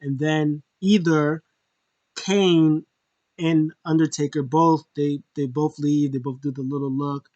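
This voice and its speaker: Guy rambling through a wrestling show recap, kinda high voice, dry close sound, jumps into squeaky reactions. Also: little pitch movement, slow pace, darkish tone, dry recording, muffled recording. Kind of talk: casual recap and opinion.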